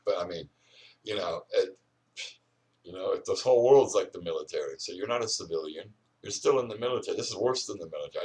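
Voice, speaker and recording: A man's voice: on the low side, recorded from a distance. An older man rambling and ranting outdoors, full of "you know" fillers. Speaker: vlogger.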